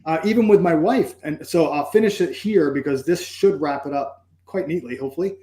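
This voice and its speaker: Earnest reflective storyteller, man, slightly high voice, roomy echo. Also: a little fast, dark tone. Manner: earnest, reflective, acts out inner dialogue with "I'm like". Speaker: podcast guest, entrepreneur. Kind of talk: emotional personal storytelling.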